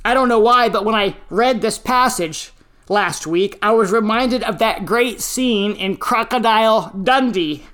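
A pastor giving a sermon, reading scripture and teaching with deliberate, emphatic phrasing. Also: mid-range voice, fairly bright tone.

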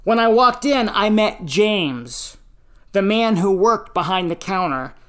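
Pastor preaching slow and steady, leaning on each word, middle pitch. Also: smooth. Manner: slow, deliberate, emphatic phrasing. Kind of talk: sermon with scripture reading.

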